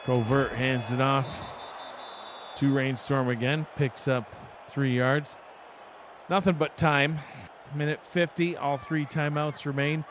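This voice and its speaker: Man, New York accent, mid pitch, play-by-play announcer, brisk, joking, noisy background. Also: flat delivery. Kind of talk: play-by-play commentary.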